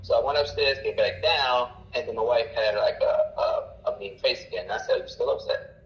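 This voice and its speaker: A man around forty, a caller telling a long personal story in a halting, rambling way with many fillers. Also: mid-range voice, roomy sound, dull audio. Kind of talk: casual storytelling.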